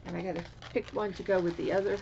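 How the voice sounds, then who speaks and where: A woman's voice: fairly low pitch, fairly even intonation, fast talker, creaky, mellow, lo-fi sound, a little hiss or hum. A woman from Florida showing off her craft supplies in a casual, gushing chat, often trailing off with fillers. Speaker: craft vlogger. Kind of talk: casual show-and-tell chat.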